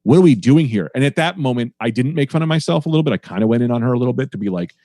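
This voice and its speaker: A man's voice: mid-range voice, racing, darkish tone, no echo, clean studio sound. A man who is a comedian guest on a podcast, telling a rambling, profane story about a show in a casual, self-deprecating way.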